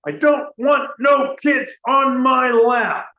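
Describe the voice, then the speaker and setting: A man puts on a cranky old man with a beard and a cane, sick of being taken for Santa. He rants and shouts in a singsong, very high and piercing. The voice rings around an echoey room. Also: unhurried, heavily acted. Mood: ranting singsong. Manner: exasperated, ranting, shouts in a singsong. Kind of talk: comedic character monologue.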